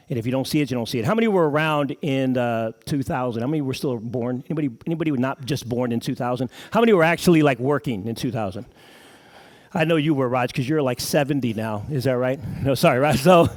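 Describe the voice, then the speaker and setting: A middle-aged man giving a live motivational talk to an audience in an event room, pumping up the crowd with questions. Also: mid-range voice. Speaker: motivational speaker at a sales event.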